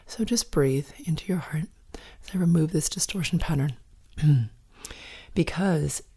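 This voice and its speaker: A woman guiding a meditation in a soft, slow, often whispered voice. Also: low-pitched, slightly rough. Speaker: meditation guide. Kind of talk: guided meditation.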